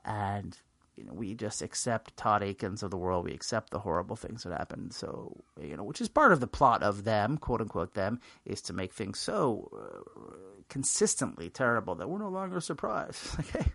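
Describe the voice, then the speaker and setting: A man's voice: lowish voice, big pitch swings, moderate pace, gravelly, fairly bright tone, no echo. A man giving a rambling, self-mocking comedic answer in an interview, full of fillers and restarts. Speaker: interview guest.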